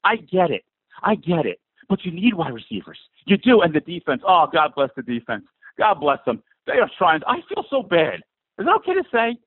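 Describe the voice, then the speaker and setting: Fired-up caller with a New Jersey accent on a tinny phone line. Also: male voice, fairly high pitch, huge pitch swings, brisk, breathy edge, no room sound. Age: 40s. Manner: fired-up, exasperated, pleading. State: has a cold. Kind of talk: emotional sports call-in rant.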